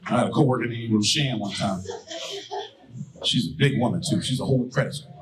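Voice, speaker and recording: A man performing a stand-up comedy set on stage, telling profane stories loudly and baiting the crowd. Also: mid-range voice, brisk, pauses often, poor audio. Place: comedy stage before a live audience. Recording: live crowd laughter and applause. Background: audience laughing and clapping.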